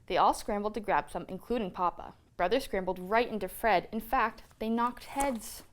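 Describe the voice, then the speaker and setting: A woman storyteller reading a children's picture book aloud in an expressive read-aloud manner. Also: medium pitch, normal speed.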